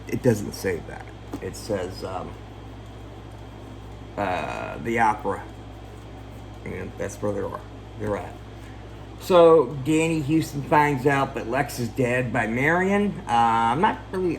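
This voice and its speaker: A man's voice: mid-range voice, gravelly, a little hiss or hum, poor audio. A man giving a casual, jokey, profane film recap, acting out characters and sound effects. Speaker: film reviewer.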